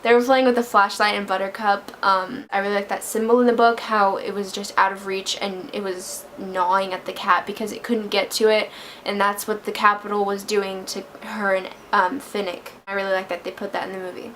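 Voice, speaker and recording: A woman's voice: mid-range voice, flat delivery, fairly quick, fairly bright tone, slight background noise. A young woman vlogging a casual movie review, gushing and emotional, her voice close to tears at times. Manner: gushing, emotional, breaks into laughter and near tears. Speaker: book vlogger.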